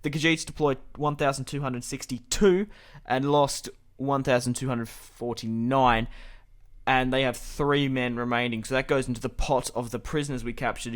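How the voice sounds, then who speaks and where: A young man giving casual, chatty commentary over a strategy game, thinking aloud as he plays. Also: medium pitch. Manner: chatty and relaxed, thinking aloud, with light laughs. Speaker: channel host, gameplay commentator.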